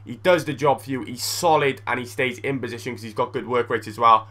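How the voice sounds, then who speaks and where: Excitable young gamer, bright voice. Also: male voice, medium pitch, fairly quick. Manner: blunt, excitable, swears freely. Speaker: gaming YouTuber. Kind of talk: casual gameplay commentary.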